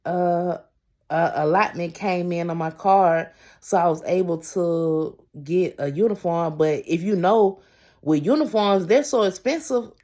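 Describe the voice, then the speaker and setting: Her pitch fairly low and her tone on the dark side, this vlogger shares something personal on camera. The telling is rambling and stop-start, full of restarts and trailing off, with frequent "y'all" aimed at viewers.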